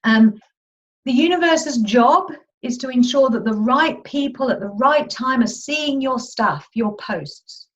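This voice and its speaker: A female money mindset coach leads a live online masterclass in a chatty, upbeat, informal way. Her high voice has lively intonation and an unhurried pace, captured through a video call with dull, lo-fi audio.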